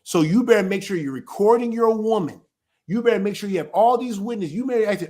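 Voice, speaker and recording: A man's voice: sits high, lively intonation, quick pace, a little mellow. A man, an elder of a small ministry, teaching his viewers informally and emphatically, often asking a rhetorical question and then answering it himself.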